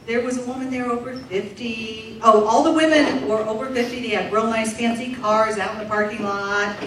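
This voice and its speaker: A woman interpreting a deaf comedian's stand-up set aloud for a live audience, in a lively, animated way. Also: a little high, moderate pace, background noise. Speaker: sign language interpreter voicing a deaf comedian. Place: large room with a live audience. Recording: echoey distant room recording.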